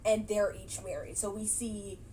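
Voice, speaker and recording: A woman's voice: medium pitch, steady tone, measured pace, dark tone, poor audio. A woman casually recapping a movie she watched, chatty and laughing often, with many fillers. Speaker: movie reaction vlogger.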